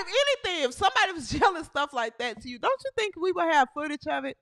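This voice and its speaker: Brief: woman comic host, very high and bright voice, swooping, sarcastic sports rant. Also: very animated, quick pace, vocal fry, few pauses, no echo, clean studio sound. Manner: sarcastic, mocking, repeats lines for effect. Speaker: comedian and show host. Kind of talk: comedic sports commentary rant.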